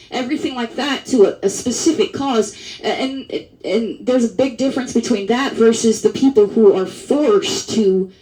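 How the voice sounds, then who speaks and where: A woman's voice: a little high, a little mellow, poor audio. Woman vlogger, rambling monologue, lots of restarts, blunt and profane. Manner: rambling, with many restarts and fillers. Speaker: advocacy vlogger. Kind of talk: casual monologue to camera.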